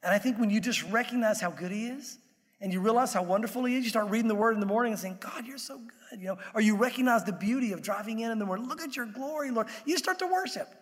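A man's voice: high voice, rapid-fire, big-room sound. A man preaching a sermon in a conversational way, acting out the voices he quotes. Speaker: pastor.

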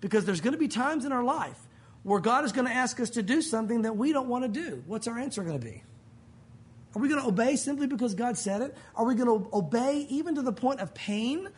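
A man preaching a sermon as pastor to his congregation, lively and conversational, acting out the voices of people he quotes. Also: very high voice, a little fast, slightly rough.

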